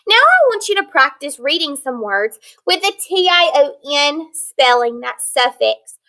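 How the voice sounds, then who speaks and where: A woman teaching an online phonics lesson, sounding out words slowly and checking in with her students. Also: high voice, sing-song, sharp tone. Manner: slow, deliberate modeling of word sounds; encouraging, checks with "right?" and "okay?".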